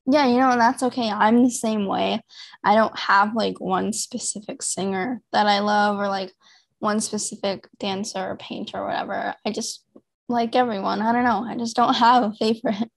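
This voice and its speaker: A woman's voice: medium pitch, steady tone, normal speed, gravelly. A young woman hosting a podcast interview, friendly and easygoing, with loose fillers as she talks. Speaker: podcast host. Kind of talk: casual interview.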